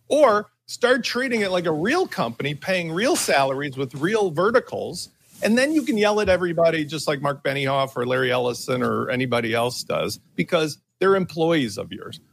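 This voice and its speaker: A man on a tech talk panel making an emphatic case through a story, theatrical and building to loud points. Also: a little high, gravelly, a little hiss or hum. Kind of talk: animated opinion talk with storytelling.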